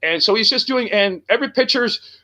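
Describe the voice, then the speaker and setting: A man with a high, bright, forceful voice tells a road story as a guest in casual chat. He rambles, swears freely and fills every pause with "uh" and "you know". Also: lively intonation. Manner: rambling and profane, heavy with fillers. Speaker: guest, rock band singer.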